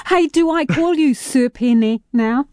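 A woman's voice: high-pitched, takes it slowly, warm tone, no room sound, clean studio sound. A woman hosting a radio interview, teasing and upbeat. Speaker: radio host. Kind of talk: casual interview.

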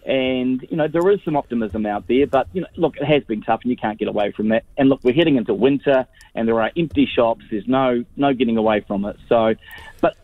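A man's voice: mid-range voice, brisk, no room sound. An earnest New man speaks on a radio show, stumbling through fillers and repeating his words. He comes in over a tinny phone line with a dry, close sound. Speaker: guest on phone. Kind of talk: radio interview.

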